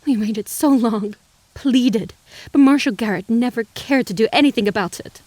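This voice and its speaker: A woman's voice: on the high side, normal speed, a little mellow, no echo, voice pushed up, close to an everyday voice. A woman voicing a grieving, indignant older woman with a Swedish accent, who spits out bitter words. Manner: spitting bitter words, pleading.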